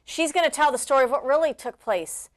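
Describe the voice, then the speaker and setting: A woman's voice: sits high, brisk. A woman hosting a casual political commentary show, chatty and full of fillers. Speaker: host.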